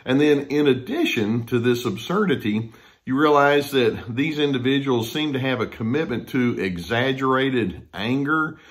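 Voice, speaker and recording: A male counselor speaks conversationally to the camera, acting out the people he quotes. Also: mid-range voice. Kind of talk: talking to camera about difficult people.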